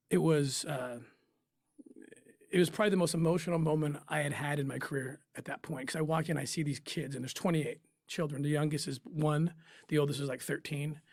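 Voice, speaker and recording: A man's voice: a little high, fairly even intonation, no echo. Emotional man, dry close sound. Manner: emotional, halting, with pauses and restarts. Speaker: interview guest, former undercover operative. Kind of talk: emotional personal storytelling.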